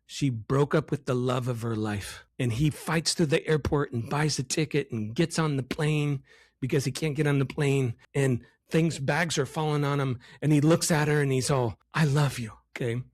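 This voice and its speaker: A man hosting a podcast on his own, giving business advice and shifting his voice higher and lower for emphasis. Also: moderate pace. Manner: animated, varies pitch and loudness for emphasis. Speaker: podcast host, loan officer. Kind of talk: solo podcast advice talk.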